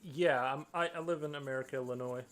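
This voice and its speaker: A man's voice: medium pitch, quick pace. A man from Belarus with a Belarusian accent, chatting casually and rambling while drawing on a live stream. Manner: relaxed, rambling, trailing off.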